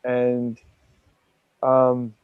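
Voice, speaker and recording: A man's voice: medium pitch, monotone, extremely slow, clean tone, no echo, narrow, tinny audio. An Australian man, a podcast guest, telling a raw personal story with frequent swearing and rambling fillers.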